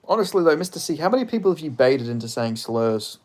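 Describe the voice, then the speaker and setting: A man's voice: fairly high pitch, sing-song, quick pace, darkish tone. A young man, chatting casually and crudely on a live stream, rambling with lots of fillers.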